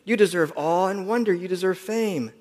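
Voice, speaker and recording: Satan as a smooth, insistent tempter, put on by a male preacher, pushing and coaxing in a louder, higher voice. His words ring out with a long reverb in a large hall. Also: moderate pace, close to an everyday voice.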